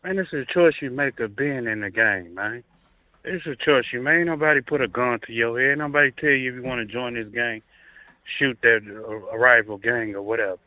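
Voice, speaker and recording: A man phones in to a talk show, relaxed but insistent in how he makes his point. His voice comes through a tinny, dry phone line. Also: mid-range voice, a little fast, no room sound. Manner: laid-back, conversational, insistent. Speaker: caller. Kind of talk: phone call-in chat.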